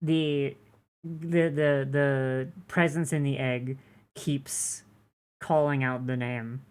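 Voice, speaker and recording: A woman's voice: rumbling low, fairly even intonation, slow, darkish tone, clean tone. A woman narrating a tabletop game as game master, rambling with many fillers as she describes scenes.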